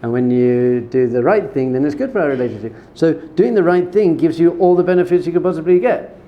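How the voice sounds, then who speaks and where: A rabbi giving an informal Torah lesson, talking conversationally, repeating words for emphasis and telling personal stories. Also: male voice, a little high, brisk, lo-fi sound, slight background noise. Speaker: rabbi teaching a class.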